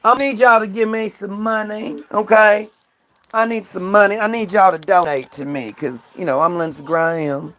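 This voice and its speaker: A man's voice: sits high, moderate pace, bright, forceful tone. A man voicing a Southern-drawling male politician who begs for votes and money, with a put-on Southern US drawl and a mocking, pleading manner.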